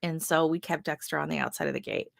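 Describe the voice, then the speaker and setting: A woman's voice: low-pitched, very animated, fast, creaky, no echo. Chatty woman host, dry close sound. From Canada. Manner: chatty storyteller, laughs often, many fillers. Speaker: gardening channel host. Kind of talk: casual livestream chat. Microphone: webcam on a livestream.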